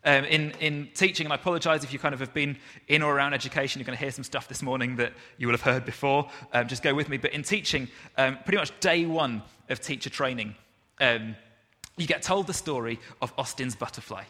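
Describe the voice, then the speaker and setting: A man, preaching a sermon in a relaxed, conversational way with self-deprecating asides. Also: medium pitch, a little fast. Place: church hall. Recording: reverberant church hall.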